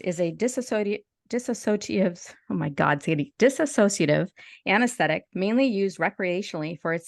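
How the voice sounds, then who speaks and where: A woman's voice: lowish voice, vocal fry, dry recording, studio quality. A woman co-hosting a podcast, chatting casually and reading a story aloud with small stumbles and restarts. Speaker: podcast co-host.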